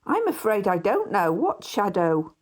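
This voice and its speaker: A woman's voice: medium pitch, big pitch swings, unhurried. A woman reading as a sceptical young Victorian barrister. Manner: astonished, then reckless.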